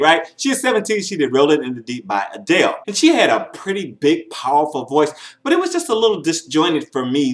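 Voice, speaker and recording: A man's voice: fairly high pitch, a bit bright, roomy sound. A man giving a casual, chatty recap of talent show auditions, with mock-shocked asides. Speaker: show commentator.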